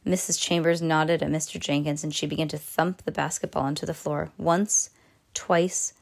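A woman's voice: sits low, little pitch movement, moderate pace, gravelly. Woman reading a children's story aloud. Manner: reads with small slips and restarts, casual asides.

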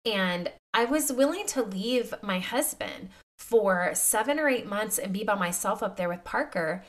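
A woman with a stuffed-up, nasal voice hosts a faith podcast, speaking openly to her listeners. Her pitch sits in the middle range for a woman, and her delivery is confiding and direct. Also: lively intonation, a little slow. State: congested, nasal from illness. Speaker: podcast host. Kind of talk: candid faith podcast talk.

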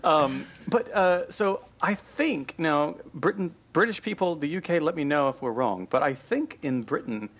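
A male podcast co-host in casual chat, talking in an animated, chatty way with plenty of fillers and restarts. His voice sits a bit high and swoops up and down. It has a lively, expressive rise and fall. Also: unhurried, hardly any pauses. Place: at home with a dog nearby.

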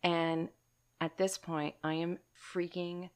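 A woman co-hosting a podcast, telling a story in casual chat, animated and emphatic, calling her listeners y'all and swearing casually. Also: on the low side, takes it slowly, clear, resonant tone. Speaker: podcast co-host.

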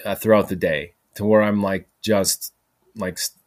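Male podcast host, low register, loose rambling delivery, swears mildly. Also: fairly even intonation, a little slow. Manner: rambling, peppered with "freaking" and "like". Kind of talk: rambling solo monologue. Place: home recording, voice message.

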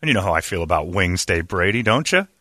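Animated, bright-voiced male radio host. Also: sits low, fast, dry recording, studio quality. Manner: animated, laughing. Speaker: radio morning show host. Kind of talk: casual storytelling on air.

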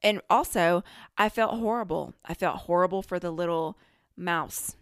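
A middle-aged woman hosting a podcast, telling a story in a casual, animated way, often laughing and quoting her own self-talk. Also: fairly low pitch, moderate pace, smooth, no echo, clean studio sound. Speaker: podcast host.

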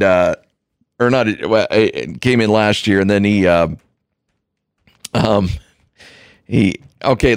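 A man co-hosting a sports radio show, talking in a halting, casual way with many restarts. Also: on the low side, gravelly, clear, resonant tone, dry recording, clean studio sound.

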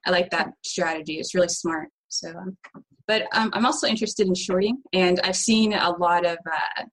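Low-voiced chatty woman. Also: normal speed, a bit bright, slight background noise, poor audio. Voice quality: many fillers, upbeat. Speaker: trading challenge applicant. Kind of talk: casual interview chat.

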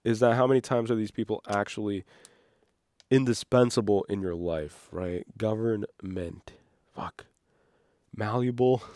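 A man hosting an unscripted solo podcast, rambling and excitable, sometimes losing his train of thought. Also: fairly low pitch, moderate pace, no echo, clean studio sound. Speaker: podcast host.

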